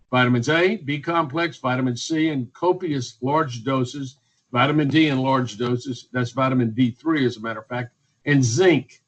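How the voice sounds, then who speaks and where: A man's voice: medium pitch, moderate pace, highs cut off. A man, speaking as a physician guest in a radio interview, emphatic and repetitive, listing points one by one. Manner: emphatic, repetitive, list-making.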